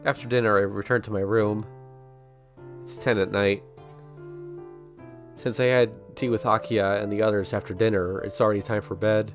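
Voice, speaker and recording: A man streaming, reading a visual novel aloud in steady first-person narration and breaking off now and then with chuckling asides. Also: fairly low pitch, moderate pace, long pauses, faint music behind.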